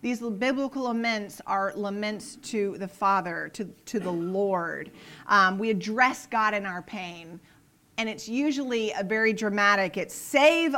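A woman's voice: medium pitch, measured pace, fairly bright tone. A woman in her thirties giving an earnest, casual Bible study lesson, often acting out prayers in quoted voices. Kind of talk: casual devotional teaching.

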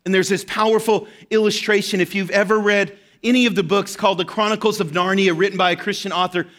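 A man's voice: high voice, fairly even intonation, fast talker, a bit bright. A man preaching a sermon as pastor, impassioned, his voice rising when he speaks the quoted words. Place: church hall.

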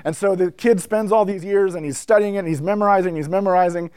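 A man giving a conversational teaching talk to church musicians, telling stories with lots of asides and building the excitement as he goes. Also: high voice, quick pace, smooth, dry recording. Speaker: speaker addressing church musicians. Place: indoor room with a whiteboard.

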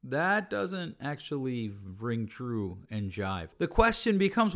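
A man's voice: a little high, very animated, slow, hardly any pauses, fairly bright tone. A middle-aged man and relationship coach giving an earnest teaching talk that he fills with sample dialogues. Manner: earnest, explains with example dialogues.

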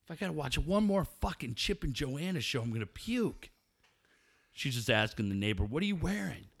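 Profane, mocking middle-aged man, lively. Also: mid-range voice, normal speed. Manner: profane, mocking, laughs often. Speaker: podcast co-host. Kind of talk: crude casual chat.

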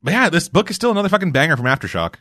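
Fast, bright-voiced man swearing casually. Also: fairly high pitch, big pitch swings, no room sound, clean studio sound. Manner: loose, profane, rambling with fillers. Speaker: podcast co-host. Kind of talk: casual chat.

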